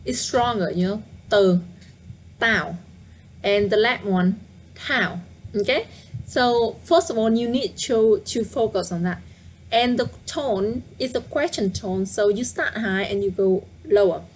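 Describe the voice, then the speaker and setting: A woman's voice: mid-range voice, darkish tone, slight background noise. Woman teaching, patient and repetitive. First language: Vietnamese. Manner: patient, repeats words slowly, asks viewers to guess. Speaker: Vietnamese teacher. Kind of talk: live online language lesson.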